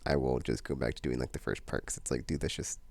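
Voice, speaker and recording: A man's voice: a bass voice, fairly even intonation, quick pace, gravelly, darkish tone, no room sound. A man vlogging in a casual, meandering chat, full of fillers and restarts.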